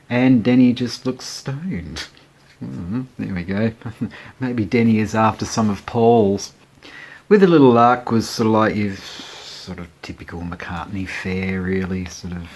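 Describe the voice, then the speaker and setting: A man's voice: on the low side, a little slow, a little mellow. A man chatting casually as he shows his record collection, rambling and often chuckling. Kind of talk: casual chat showing records.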